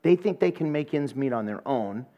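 A man preaching a sermon, telling a funny personal story in an animated way and acting out the voices of the people in it. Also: medium pitch, normal speed, highs cut off. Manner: animated storyteller, acts out voices and laughs at his own jokes. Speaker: pastor.

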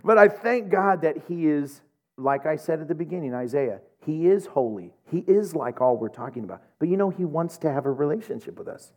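A middle-aged man preaching a sermon, an animated storyteller who laughs often and acts out voices. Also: on the high side, fairly quick. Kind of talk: sermon with humorous anecdotes.

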